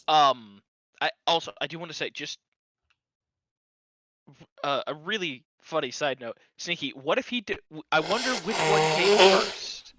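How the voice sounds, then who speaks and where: A man's voice: fairly high pitch, animated, pushed and bright, no echo. A man adding side notes and corrections while commenting on fanfiction with friends. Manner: quick to correct and point things out. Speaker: co-host reading fanfiction. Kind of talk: comedic commentary chat.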